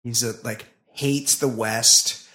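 A man's voice: medium pitch, fairly even intonation, bright, forceful tone. Playful man in podcast banter. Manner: playful, quick to agree, mock-quoting people. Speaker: podcast co-host. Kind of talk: casual comedic banter.

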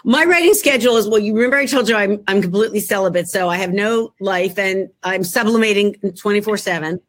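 A woman's voice: medium pitch, fast talker. A middle-aged woman with a Philadelphia accent, an author chatting over a laptop video call from her home work room in a jokey, self-mocking way. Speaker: author guest. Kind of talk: casual chat.

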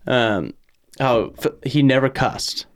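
A man's voice: medium pitch, slow. A young man co-hosting a podcast in casual chat, telling stories with a laugh and acting out the quotes. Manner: storytelling, laughs often, acts out quotes. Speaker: podcast co-host.

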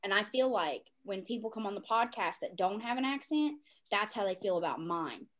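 A woman's voice: mid-range voice, expressive, moderate pace, fairly bright tone. A young woman hosting a podcast in casual chat, laughing often and using casual slang. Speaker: podcast host.

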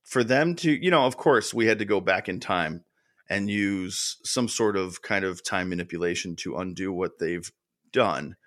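The audio is dry and studio quality as a male podcast co-host chats casually, wandering off with fillers and restarting sentences. He has a low-pitched, fairly bright voice at a normal pace.

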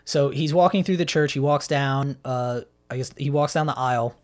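A man in relaxed conversation walks through a story step by step. He rambles a little, trips over restarts and fills gaps with ums and likes. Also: mid-range voice, moderate pace. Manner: rambling retelling with acted-out quotes and many fillers. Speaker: podcast co-host recapping a film. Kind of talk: casual chat.

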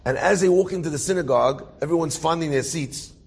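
Man, gravelly voice, husky, fairly high pitch, animated story sermon. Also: quick pace. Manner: animated storytelling, voices characters, rising to emphatic preaching.

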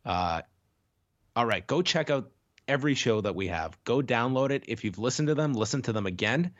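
A man co-hosting a casual chat podcast while sick, talking in a measured, thoughtful way. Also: medium pitch, lively intonation, no echo, highs cut off. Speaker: podcast co-host.

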